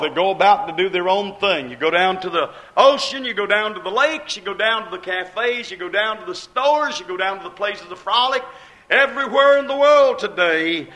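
A man's voice: high-pitched, pushed and bright. A man preaching a sermon with a rising and falling cadence, repeating phrases as he builds each point.

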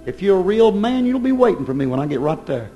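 A fiery preacher man delivers a sermon in a slightly high voice. He swings between loud, ringing proclamations and hushed, urgent pleas. Faint music plays underneath. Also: big pitch swings, quick pace, highs cut off. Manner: fervent, swings from loud declaiming to low intense pleading.

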